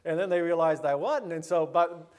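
Rambling middle-aged pastor, lively storyteller. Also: male voice, on the high side, fairly quick. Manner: animated, acts out other people's voices; rambling, with many restarts. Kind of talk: personal anecdote storytelling. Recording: long hall reverb.

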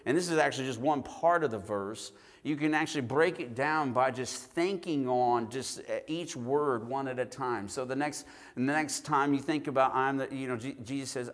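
A man preaches in an earnest, searching way, often doubling back on his words and restarting. His voice sits at a middle pitch. It carries a long reverb from a church hall. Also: normal speed. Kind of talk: sermon.

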